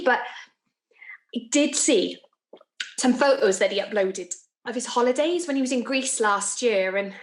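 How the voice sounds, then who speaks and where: A woman's voice: fairly high pitch, lightly acted. An actress playing a lovestruck young office woman who chats and giggles through her confession, recorded in an echoey room. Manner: chatty, confiding, giggly asides. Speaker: actor in a monologue. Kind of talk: theatrical monologue.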